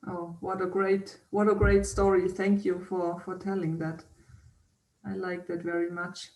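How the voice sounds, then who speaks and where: A woman interviewer speaks very slowly and gently, stumbling through false starts as she shapes her questions. She sits away from the microphone. Her voice carries the echo of a roomy space. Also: on the low side, flat delivery. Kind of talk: casual interview conversation. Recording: roomy, distant from the mic.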